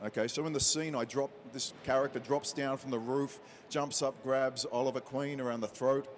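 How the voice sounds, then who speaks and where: A man in an interview, telling a story with plenty of life and slipping into the voices of the people in it. His voice sits in an ordinary middle pitch for a man. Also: moderate pace, slight background noise. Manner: lively storyteller who acts out quotes. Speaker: interview guest, actor. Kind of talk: animated anecdote telling.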